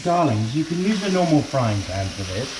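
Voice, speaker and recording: A scatty, gushing posh lady cook, played by a man whose voice swoops up and down, camp and giddy, darling this and darling that. Heard in an echoey kitchen behind the loud hiss of frying meat. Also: medium pitch, very animated, normal speed, natural voice. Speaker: cooking show co-host. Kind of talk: comic cooking demonstration. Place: home kitchen.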